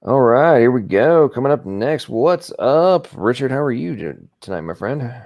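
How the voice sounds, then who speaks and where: A man's voice: mid-range voice, sing-song, normal speed, darkish tone, no room sound. A man with an American accent who grew up in England, hosting a live stream and telling a rambling story, often tagging his lines with "right?". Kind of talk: casual chat, storytelling.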